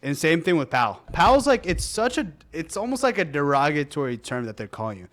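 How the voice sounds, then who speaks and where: A young man co-hosting a podcast, talking casually, animated and often laughing, mimicking rude tones. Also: a little high, fairly quick. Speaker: podcast co-host.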